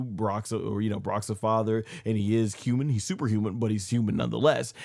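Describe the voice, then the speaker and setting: Male host, casual rambling recap with self-corrections; slightly low voice, dry recording. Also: a little mellow, no room sound. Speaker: wrestling review channel host. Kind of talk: casual spoken event recap.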